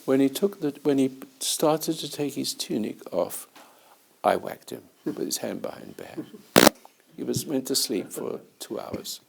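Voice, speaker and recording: A man's voice: mid-range voice, lively intonation, measured pace, creaky, noisy background. A man hosting a conversation as a spiritual teacher, telling rambling anecdotes with chuckles along the way. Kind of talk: storytelling in conversation.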